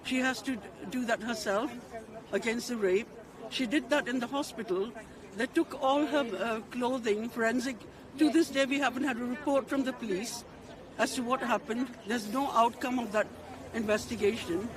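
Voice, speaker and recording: A mother giving an urgent, indignant speech outdoors at a street protest, with halting restarts. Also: a little high. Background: crowd noise.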